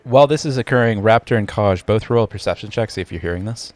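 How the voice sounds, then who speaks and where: A man narrating as dungeon master of a tabletop game, relaxed and laughing. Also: lowish voice, fast.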